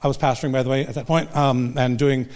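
A man's voice: mid-range voice, steady tone, fast, a little mellow, a little hiss or hum. An older man, a pastor and marriage counselor, giving a humorous, self-deprecating talk to a live audience. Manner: self-deprecating, joking storyteller.

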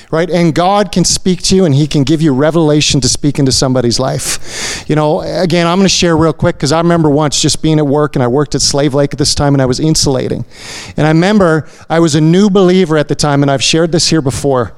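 A man's voice: on the high side, clean tone. A man speaking to a church congregation in a conversational way, often adding "you know" and "right?" as he shares a story. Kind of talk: sermon-style testimony.

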